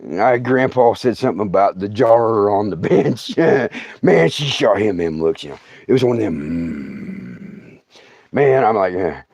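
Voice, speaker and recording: A man's voice: fairly low pitch, very animated, unhurried, a little mellow, no room sound. A middle-aged man, who laughs often and acts out scenes while telling comic stories on a livestream. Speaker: storyteller host.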